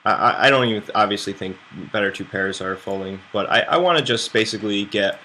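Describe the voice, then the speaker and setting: A man's voice: lowish voice, fast, bright, forceful tone, a little hiss or hum. A man from the United States streaming online poker, rambling and thinking aloud about his hands with self-mocking asides. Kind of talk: live game commentary.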